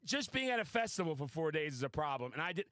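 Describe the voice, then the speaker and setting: A man hosting a podcast, telling a wild story in a casual, excitable, boastful way and swearing freely. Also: on the high side, quick pace, no room sound. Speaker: podcast host. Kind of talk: casual chat.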